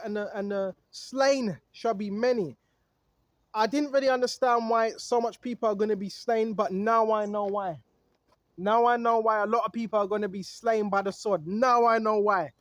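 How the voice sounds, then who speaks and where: A man with an unusually high voice preaches outdoors. He reads scripture aloud, then riffs on it, calling out to his listeners and chuckling as he goes. The sound is dry and close. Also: no room sound. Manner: calls out to listeners, chuckles often. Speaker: street preacher.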